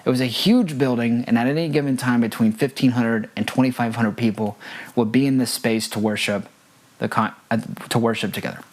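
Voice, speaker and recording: A man's voice: mid-range voice, a little fast. A man who works as a front of house audio engineer, giving an earnest instructional talk with personal stories and repeating his key points for emphasis.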